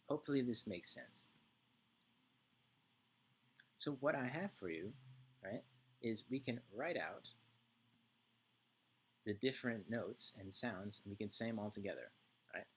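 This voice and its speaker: A man's voice: fairly low pitch, expressive, normal speed, long pauses, husky. A male music teacher giving an online lesson to young children, chanting rhythm syllables and checking in often with "right?".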